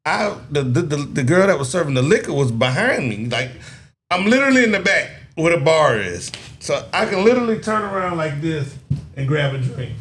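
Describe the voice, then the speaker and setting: A man's voice: a little fast, slight background noise. A middle-aged man telling a story in a casual chat, acting out other people's voices now and then. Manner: animated storyteller, acts out voices in a high falsetto. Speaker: podcast co-host.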